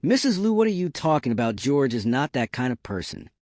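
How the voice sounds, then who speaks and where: A man's voice: medium pitch, sing-song, fairly quick, darkish tone, dry recording, studio quality, lightly acted. A man voicing an indignant mother defending her son in an audio story.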